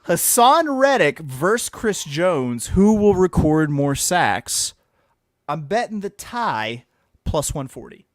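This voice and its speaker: A man's voice: a little high, sing-song, slow, dry recording, studio quality. A man co-hosting a casual sports betting podcast, joking and quizzing his co-host as he reads out his picks.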